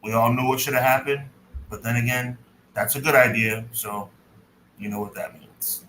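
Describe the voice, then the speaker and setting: A man's voice: mid-range voice, steady tone, moderate pace, bright, forceful tone, a little hiss or hum, low-quality recording. A man co-hosting a casual wrestling podcast, making blunt, sardonic remarks. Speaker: podcast co-host.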